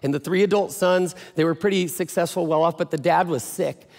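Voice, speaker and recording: A man's voice: a little high, fairly quick, a little mellow. A male pastor giving a sermon in a casual, joking storytelling way. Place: church. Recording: echoey church hall.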